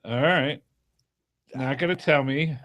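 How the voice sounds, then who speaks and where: A middle-aged man co-hosts a podcast in relaxed, casual chat. He tells rambling stories, jokes often and restarts his sentences. His voice sits at an ordinary pitch, recorded close and completely dry. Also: slow, no echo. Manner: joking, rambling storyteller with frequent restarts. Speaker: podcast co-host.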